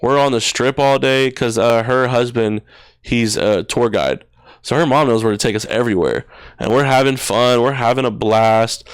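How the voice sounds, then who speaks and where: A man's voice: mid-range voice, moderate pace, clean tone, dry recording. A young man in his twenties, a podcast guest, telling a personal story in casual slang, full of "bro" and "dude" and swearing. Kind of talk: emotional storytelling. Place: podcast studio.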